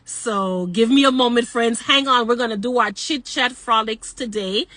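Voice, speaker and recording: A woman's voice: a little high, moderate pace, bright, forceful tone, no echo. An older woman hosting a casual live stream from a parked car on her phone, cheerfully greeting viewers in several languages. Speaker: social media live host.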